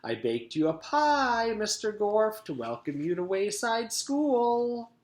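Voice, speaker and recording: A man voicing a fussy, cheerful school cook in a high, sing-song put-on voice. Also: very animated, slow pace, exaggerated voice. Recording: roomy echo.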